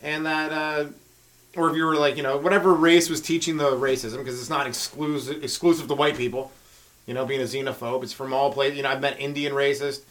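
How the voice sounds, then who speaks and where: A man doing a rambling stand-up comedy monologue on his podcast, riffing with frequent asides to the listener and swinging between loud and hushed delivery. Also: mid-range voice, level tone, fairly quick. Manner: riffing, talks to listener with frequent "right?" and "you know".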